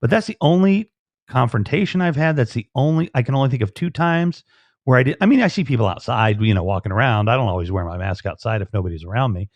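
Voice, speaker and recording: A man hosts a casual live stream and rambles along, full of fillers and restarts. His voice sits at an ordinary middle pitch. The audio is dry and dull, a muffled lo-fi stream. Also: expressive, fast, dry recording.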